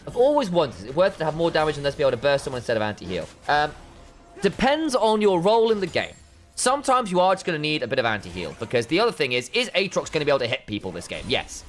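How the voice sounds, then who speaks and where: A man casting a live esports match, breaking down item choices in detail, chatting with viewers and breaking into excited shouts during fights. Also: fairly high pitch, racing. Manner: analytical, chatty with viewers, bursts of excitement on plays. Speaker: esports caster.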